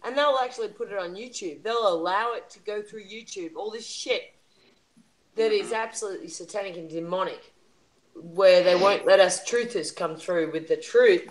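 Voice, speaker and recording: A woman's voice: mid-range voice, normal speed, rough recording. A woman hosting a casual panel chat, talking in an emotional, indignant rant. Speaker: livestream panel host.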